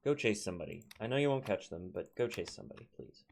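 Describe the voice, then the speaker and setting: Gravelly Minnesotan man playing a game. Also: on the low side, expressive, quick pace, slight background noise. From Minnesota, United States. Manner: chatty, talks to his units, chuckles often. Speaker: let's play host. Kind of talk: casual gameplay commentary.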